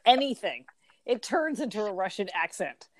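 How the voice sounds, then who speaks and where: A woman co-hosting a podcast, chatting casually and quick to laugh at herself. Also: medium pitch, very animated, no room sound. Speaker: podcast co-host. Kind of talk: casual chat.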